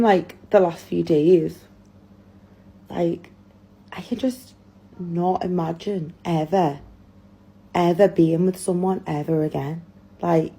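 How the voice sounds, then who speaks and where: A woman speaks in a casual confessional vlog, hesitant and full of fillers. Her voice is husky and mellow and sits a little low.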